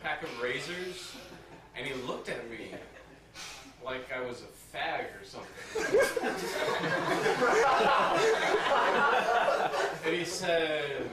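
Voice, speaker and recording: A man doing a stand-up routine, playing an ignorant bigot persona with a slow deadpan delivery that keeps breaking into laughter. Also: medium pitch. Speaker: stand-up comedian. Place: party venue with a live audience. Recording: echoey room, far from the mic, loud noise.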